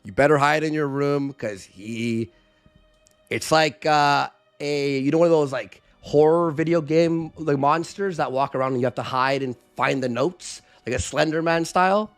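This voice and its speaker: A man casually telling a story on a live stream, animated, acting out what people said with shifting voice and volume. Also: a little high, normal speed, smooth, faint music behind.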